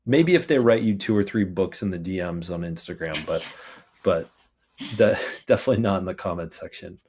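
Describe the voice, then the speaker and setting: Very low-voiced man hosting a podcast. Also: expressive, brisk, darkish tone, a little hiss or hum. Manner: hesitant, restarts and filler words. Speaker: podcast host. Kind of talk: casual interview chat.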